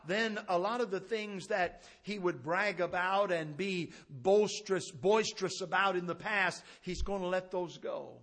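A middle-aged man preaching a sermon, telling stories and swinging between hushed asides and raised, emphatic preaching. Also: sits high, a little slow, few pauses.

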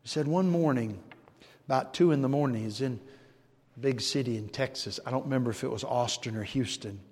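An older man preaching a sermon, swinging from shouted declarations to hushed storytelling. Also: medium pitch, brisk. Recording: long reverb of a large hall.

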